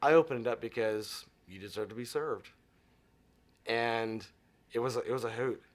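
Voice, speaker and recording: A man's voice: medium pitch, moderate pace. Middle-aged male interview guest, chatty storyteller, mid-range voice, does voices for the people in his stories. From Arizona. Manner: animated storyteller acting out dialogue.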